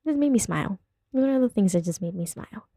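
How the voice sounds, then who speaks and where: A woman's voice: medium pitch, expressive, rapid-fire, warm tone, breathy edge, no echo, studio quality. A woman hosting a casual podcast from home, whose first language is not English, chatting in a rambling, giggly way and getting sidetracked easily. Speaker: podcast host. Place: at home with her dog nearby.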